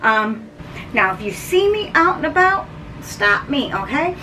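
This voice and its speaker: Slow-talking woman reviewing snacks. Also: sits high, big pitch swings, sharp tone. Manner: chatty, chews and hums between bites. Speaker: food vlogger. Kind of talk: casual food review to camera. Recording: distant mic, faint background noise.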